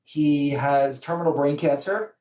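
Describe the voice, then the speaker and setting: A man with a fairly high voice tells a personal story as a podcast guest, taking his time and animatedly acting out the voices of the people involved. The mic sits at a distance, giving a roomy sound.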